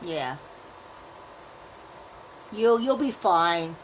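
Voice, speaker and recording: A woman in casual group chat, chiming in with quick, chatty remarks. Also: on the low side, lively intonation, a little hiss or hum.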